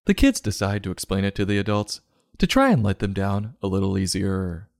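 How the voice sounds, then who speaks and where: A man hosting a sarcastic comedy book review, mocking the story and breaking into loud silly voices. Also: sits low, expressive, moderate pace, no echo, clean studio sound. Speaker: podcast host.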